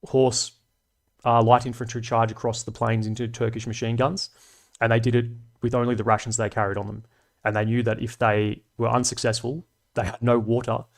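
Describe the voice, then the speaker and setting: Talking a little fast with a mid-range voice that barely moves in pitch, this Australian livestream host in his thirties keeps the chat casual, full of slang and frequent swearing.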